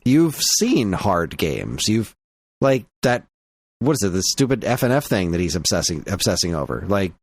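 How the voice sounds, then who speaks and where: A man's voice: low voice, big pitch swings, moderate pace, dry recording. A man co-hosting a podcast in casual chat, rambling through an anecdote and laughing often. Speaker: podcast co-host.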